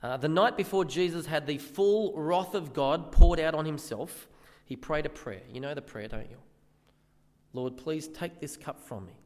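A man's voice: on the high side, lively intonation, moderate pace, darkish tone, long reverb tail. A man preaching a sermon in earnest, often asking the listeners questions.

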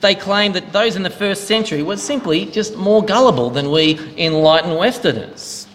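A man's voice: high-pitched, expressive, moderate pace, fairly bright tone, slight background noise. A male minister giving a sermon in a church, in a conversational preaching manner with a joke to open. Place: church hall. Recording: long hall reverb.

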